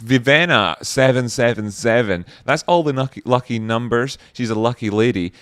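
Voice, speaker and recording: A man's voice: medium pitch, lively intonation, normal speed, few pauses, a bit bright. A man riffs playfully on a live stream, reacting aloud with jokes, swearing and mock outrage. His voice sits in a middling register and sounds dry, with no room echo. It has a loose, off-the-cuff stream-chat feel. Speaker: trading stream host.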